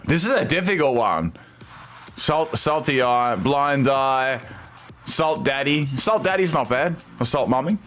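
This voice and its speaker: A man's voice: mid-range voice, animated, a little slow, fairly bright tone, faint music behind. A young Australian man streaming live, reading viewer chat aloud and reacting with amused disbelief.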